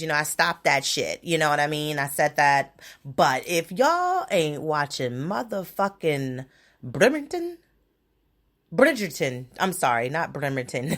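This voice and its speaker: A young adult woman hosting her own podcast in loose, profane, animated casual chat, laughing easily. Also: on the low side. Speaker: podcast host.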